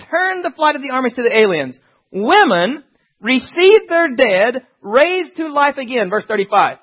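Preacher, male, very high husky voice, animated delivery, lo-fi sound. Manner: animated, talks fast, voices asides. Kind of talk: sermon with scripture reading.

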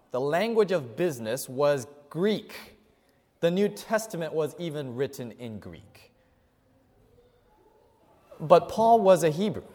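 A male pastor from a Chinese family, with a fairly high voice, preaches a sermon to his congregation and often asks them questions. He swings from ringing, loud emphasis to near-hushed asides, and the church adds a long hall reverb.

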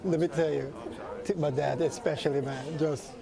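A man's voice: fairly high pitch, normal speed, gravelly. A man with a Jamaican accent chatting casually and laughing, telling about his past. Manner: lively, laughing, says man a lot. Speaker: guest sharing his story. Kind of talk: casual chat. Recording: loud crowd chatter around.

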